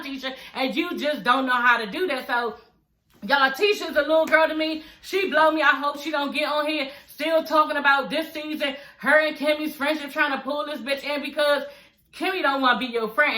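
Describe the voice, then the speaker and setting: A woman's voice: high voice, bright, forceful tone. A woman giving a blunt, sassy, profane recap of a reality show in casual commentary. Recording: echoey room.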